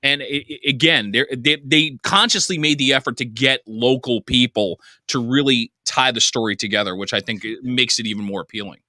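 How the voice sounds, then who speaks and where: Podcast host, man, New Jersey accent, bright forceful voice, dry close sound, animated and chatty. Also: medium pitch, brisk, hardly any pauses, dry recording. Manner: chatty, animated, laughs easily. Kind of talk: casual interview chat.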